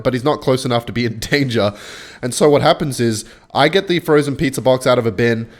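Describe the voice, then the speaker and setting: A young man chatting excitedly while playing a game, mixing play-by-play commentary with a story. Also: mid-range voice. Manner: excitable, chatty, swings between hype and muttering. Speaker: gaming YouTuber. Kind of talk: live gameplay commentary with storytelling.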